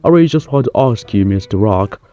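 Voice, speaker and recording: A man's voice: lowish voice, animated, a little fast, warm tone, lo-fi sound, lightly acted. A man voicing an eager male reporter with a British accent.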